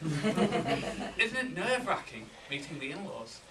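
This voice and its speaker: A Yorkshire man delivers a humorous contest speech with deadpan timing, his voice bright and a bit high. The sound is roomy and distant, as if picked up from across a hall, with a faint hiss behind it. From England. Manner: deadpan comic timing, pausing for laughs. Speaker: contest speaker.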